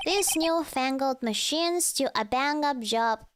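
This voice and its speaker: A woman's voice: sits high, heavy background noise. Woman doing a drawling cowboy cop. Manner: slow folksy drawl. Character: laid-back drawling cowboy policeman, man. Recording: loud game music behind.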